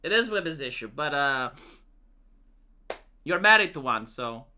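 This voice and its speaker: Man, livestreamer, very bright voice, casual rambling chat, restarts, swearing. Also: on the high side, big pitch swings, unhurried, smooth. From Romania. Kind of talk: casual chat to stream viewers.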